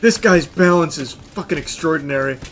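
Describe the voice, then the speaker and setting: A man giving live gaming commentary, breaking into excitable shouted outbursts and profane, self-mocking asides. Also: a little high, moderate pace, faint music behind. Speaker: gaming streamer.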